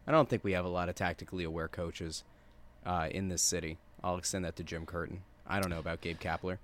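A man co-hosting a sports podcast who rambles in a self-deprecating way and trails off low. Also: steady tone, quick pace. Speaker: podcast co-host. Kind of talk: casual sports podcast chat.

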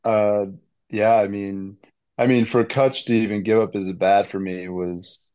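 A man in his thirties with a fairly low voice tells a story in a casual interview, excited and rambling, stacking fillers and restarts. The sound is dry and close, with no room around it. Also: a little slow, clear, resonant tone, dry recording. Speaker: baseball player guest.

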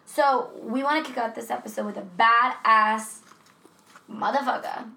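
A woman's voice: fairly high pitch, fairly even intonation, normal speed, gravelly, pushed and bright. A woman co-hosting a podcast in a casual, chatty way, swearing freely. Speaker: podcast co-host. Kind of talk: casual true-crime chat. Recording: echoey room with faint noise.

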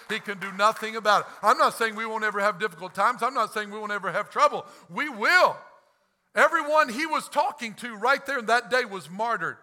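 A man preaching a fervent sermon as pastor, swinging between loud outbursts and hushed asides, acting out quoted lines with bursts of laughter. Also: sits high, a little hiss or hum.

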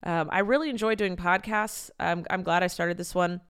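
A woman's voice: lowish voice, normal speed, fairly bright tone, smooth. A young woman hosting a solo podcast, rambling and exasperated in a casual rant. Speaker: podcast host. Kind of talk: solo podcast outro chat.

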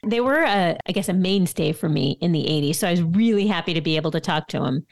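A woman's voice: on the low side, expressive, fast talker, vocal fry. A woman co-hosting a music podcast, upbeat and enthusiastic. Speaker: podcast co-host. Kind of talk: casual podcast chat.

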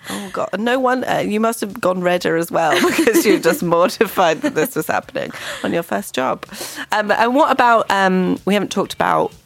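A woman's voice: mid-range voice, sing-song, moderate pace, gravelly, few pauses, dry recording. A woman hosting a radio interview, playful and teasing in her questions. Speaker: radio host.

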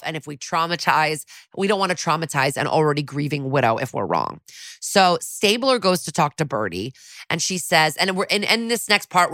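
A woman with a notably low voice recaps a TV episode in a loose, chatty way and slips into quick voices for the characters. She is recorded close to the mic in a dry room. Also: a bit bright, no echo. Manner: chatty, quotes characters in a few put-on voices. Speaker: podcast co-host.

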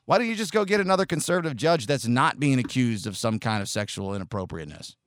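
A podcast host with a medium-pitched voice and lively intonation talks fast, delivering a casual, rambling opinion monologue that's self-deprecating and profane. The sound is clean studio audio with no echo.

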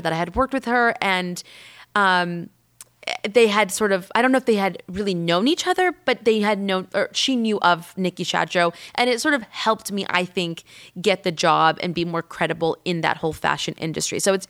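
A woman podcast host telling a rambling personal story in casual chat, with lots of "like" and lively acted-out quotes. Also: lowish voice. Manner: chatty and rambling, heavy use of "like"; lively, acts out quoted people.

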